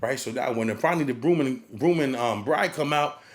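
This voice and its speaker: Dj guy telling a story on a podcast, acts out all the voices, gets loud and hyped. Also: medium pitch, fairly quick. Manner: animated storyteller who acts out quotes and hype shouts. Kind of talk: casual storytelling in podcast chat.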